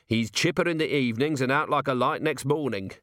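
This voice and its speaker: A man voicing a sharp, driven veteran police commander in an audiobook, talking briskly and firing probing, rhetorical questions. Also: medium pitch, no room sound, studio quality, pitched above the performer's own voice, lightly acted. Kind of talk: audiobook character voice.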